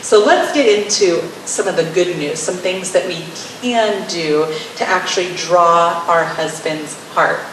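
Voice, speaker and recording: A woman's voice: fairly low pitch, a little slow, few pauses. A woman teaching wives about marriage, wry and playfully sarcastic, often acting out little scenes. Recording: very echoey room, mic far off, faint hiss.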